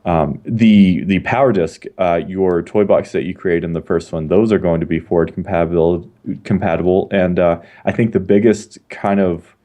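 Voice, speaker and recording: A man co-hosting a gaming podcast, explaining news in a measured, informative way with occasional uhs. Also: deep voice, steady tone, warm tone. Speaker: podcast co-host. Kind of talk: casual chat.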